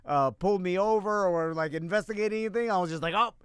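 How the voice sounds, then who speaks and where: A man from Miami co-hosting a podcast, laughing easily and talking in halting, filler-filled casual chat. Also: high-pitched, a bit bright, clear, resonant tone, no room sound, clean studio sound. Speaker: podcast co-host.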